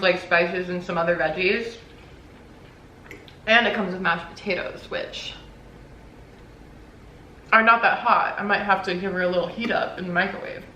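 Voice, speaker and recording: Young woman eating and chatting on cam, bright voice, echoey room. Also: mid-range voice. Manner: chatty, eats while talking, swears casually. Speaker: YouTuber. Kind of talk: casual mukbang chat. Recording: roomy echo, faint background noise.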